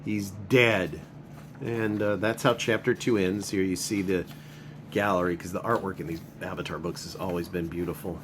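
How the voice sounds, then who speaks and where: A man's voice: low voice, level tone, brisk, noisy background. A man giving a casual, rambling spoken review of a comic book, padding his talk with filler words.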